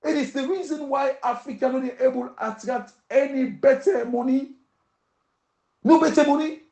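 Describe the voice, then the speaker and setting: A woman's voice: high-pitched, steady tone, normal speed, warm tone. Impassioned Sierra Leonean woman commentator. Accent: Sierra Leonean Krio. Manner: emphatic, rhetorical questions, switching between Krio and English. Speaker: political commentator.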